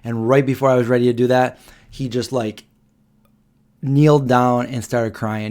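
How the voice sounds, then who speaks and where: A man's voice: medium pitch, fairly even intonation, moderate pace, pauses often, darkish tone. A man in his forties hosting a live Q&A stream, telling a story in a rambling way with many fillers and restarts. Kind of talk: casual storytelling.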